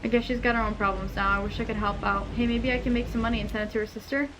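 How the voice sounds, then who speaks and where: A woman streamer reading game dialogue aloud with playful asides, her voice a bit hoarse. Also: on the high side, steady tone, racing, background noise. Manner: reads lines in character, playful asides.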